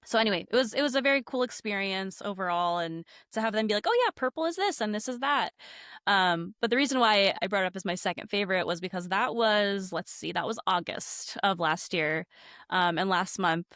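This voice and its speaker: A woman's voice: medium pitch, fairly quick, dry recording, clean studio sound. A woman guest on a podcast telling a ghost story casually, acting out quotes and saying "like" a lot. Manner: animated, acts out quotes, many "like" fillers.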